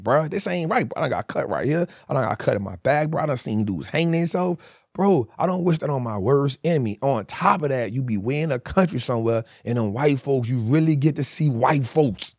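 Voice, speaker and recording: A man's voice: mid-range voice, fairly quick, no room sound, clean studio sound. A man speaking as a podcast guest, telling stories from his life in a casual, emphatic way, acting out quotes and leaning on "bro". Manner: animated, emphatic storytelling with frequent "bro". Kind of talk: casual storytelling interview.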